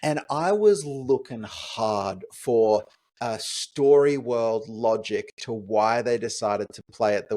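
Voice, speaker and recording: A man co-hosting a podcast, chatting casually about a film, animated and rhetorical, with frequent fillers as he thinks aloud. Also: mid-range voice. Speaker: podcast co-host. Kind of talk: casual movie review chat.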